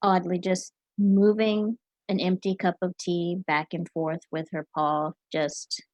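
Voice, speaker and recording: Low-voiced woman narrating her character. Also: flat delivery, slow, darkish tone, no echo. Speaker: player. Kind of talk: describing her character in a tabletop game.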